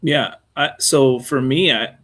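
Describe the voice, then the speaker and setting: A man's voice: medium pitch, takes it slowly, a bit bright. A man co-hosting a casual sports talk show, rambling through his points with many fillers and restarts. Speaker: co-host.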